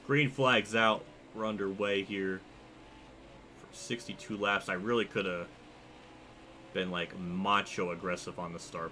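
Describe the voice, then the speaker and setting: A young man streaming a racing game, chatting casually and reacting excitedly while reading his chat. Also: sits low, measured pace, a little hiss or hum. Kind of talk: live gameplay commentary.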